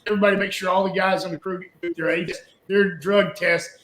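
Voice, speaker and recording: A man's voice: sits high, steady tone, fairly quick, fairly bright tone. Folksy older man telling stories, echoey. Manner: rambling, folksy storyteller with laughs. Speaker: former wrestling booker. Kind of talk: storytelling in a played interview clip. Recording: echoey room.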